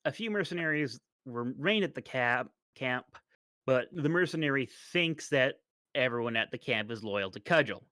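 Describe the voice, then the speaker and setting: A man narrating a tabletop game as dungeon master, relaxed and hesitant, with many restarts. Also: medium pitch, normal speed, no echo.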